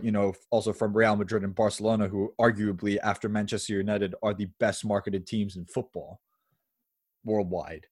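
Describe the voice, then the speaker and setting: A man's voice: on the low side, darkish tone, no room sound, studio quality. A man co-hosting a football podcast, chatting casually with frequent laughs and hedging asides. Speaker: podcast co-host.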